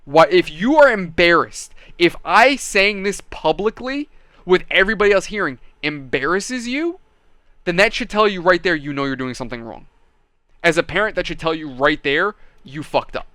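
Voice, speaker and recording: A man's voice: high voice, lively intonation, normal speed, pushed and bright, clean tone, no echo. A man hosting a casual gaming and hobby channel, telling stories and giving opinions in a blunt, profane, mocking way. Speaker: channel host.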